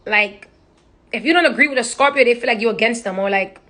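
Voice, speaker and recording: Blunt high-voiced young woman. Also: quick pace, sharp tone. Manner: blunt, profane, chatty. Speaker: social media personality. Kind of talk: casual livestream chat. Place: indoors, on a live stream. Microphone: phone.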